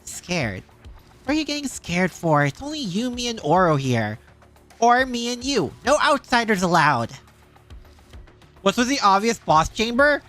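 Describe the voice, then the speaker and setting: A woman's voice: on the high side, big pitch swings, measured pace, fairly bright tone, faint music behind. A woman voicing a blunt, teasing engineer girl in a game scene.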